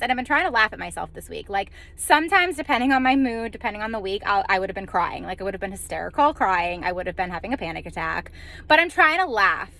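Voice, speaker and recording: A woman's voice: on the high side, sharp tone. A woman home organizer telling a funny story about her hectic week in a chatty vlog, laughing at herself and acting out what people said.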